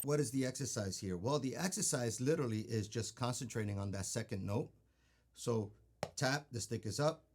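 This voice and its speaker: A man's voice: mid-range voice, moderate pace, very noisy. A man teaching drum technique, patiently explaining and counting beats aloud, often checking in with "okay?". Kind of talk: instructional demonstration. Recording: loud drumming and stick clicks behind voice.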